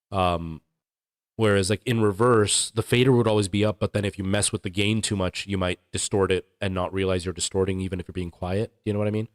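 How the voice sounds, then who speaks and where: A man's voice: lowish voice, dry recording, studio quality. A man hosting a livestream, chatting casually and explaining audio settings to his chat. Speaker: livestream host.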